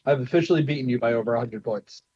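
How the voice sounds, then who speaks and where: A man in casual podcast chat who teases his friends and laughs a lot. His voice is husky, and the recording sounds dull and lo-fi, with the highs rolled off. His pitch is an everyday middle. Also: rapid-fire, warm tone, dry recording. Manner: teasing, laughing often. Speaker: podcast co-host.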